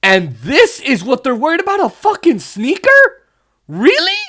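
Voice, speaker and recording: A young man hosts a podcast in a very high voice with huge pitch swings, a moderate pace and a slightly bright tone. He rants about politics, exasperated and sarcastic, and swears often.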